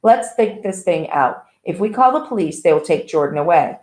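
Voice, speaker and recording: A woman's voice: on the low side, expressive, normal speed, a little mellow, close to an everyday voice. A woman reading aloud voices a worried, careful young girl, in an echoey room. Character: anxious, thoughtful young girl.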